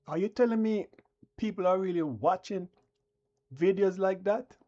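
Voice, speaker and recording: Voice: medium pitch, moderate pace, warm tone, lo-fi sound. A channel host delivering a combative, preachy live-stream rant that talks down to the viewers.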